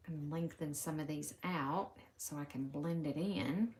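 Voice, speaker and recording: Stitching at home on a live stream, this Southern-accented craft host talks casually to her viewers as "y'all" and lapses into quiet murmurs mid-task. She has a low voice and a moderate pace, and there's a little hiss or hum in the audio.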